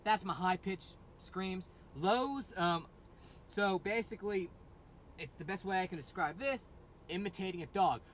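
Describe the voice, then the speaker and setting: A man's voice: high voice, unhurried, a bit bright, a little hiss or hum. A man, a metal band singer, explaining his screaming technique in a loose, rambling way full of fillers and restarts. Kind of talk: casual vocal tutorial.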